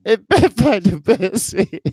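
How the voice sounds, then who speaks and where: A man hosts a casual boxing talk livestream, telling a funny story full of slang, laughing often, and drawing out lines that he tags with "man." His voice is very high, sing-song, and darkish with a breathy edge, and the recording is dry.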